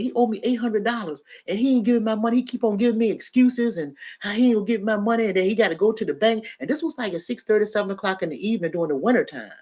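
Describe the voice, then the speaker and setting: A woman, a panel guest telling a story in casual chat and acting out the loud parts. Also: medium pitch, highs cut off. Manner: animated, builds to loud acted-out quotes.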